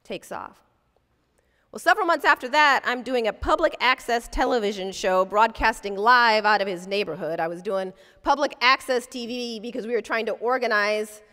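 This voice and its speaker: A woman's voice: a little high, bright, forceful tone. A woman lecturing as a civil rights lawyer, telling a personal story vividly and acting out the voices she quotes. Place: lecture hall. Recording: long reverb from a large hall.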